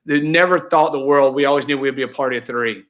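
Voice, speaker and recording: A man's voice: mid-range voice, quick pace. A man, a guest in a casual interview, talking in a heartfelt, rambling way with many fillers and restarts. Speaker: real estate team leader, guest. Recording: dull lo-fi audio.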